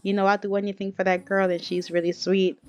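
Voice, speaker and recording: A woman's voice: medium pitch, little pitch movement, fast, darkish tone, clean tone, natural voice. A woman voicing an easygoing, kind young man who talks in a laid-back, reassuring, slangy way.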